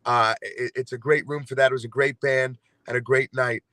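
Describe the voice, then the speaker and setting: A man's voice: mid-range voice, little pitch movement, moderate pace, sharp tone, no echo. A man from New York with a New York accent, chatting as a singer guest and telling stories with many fillers and restarts. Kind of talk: casual chat.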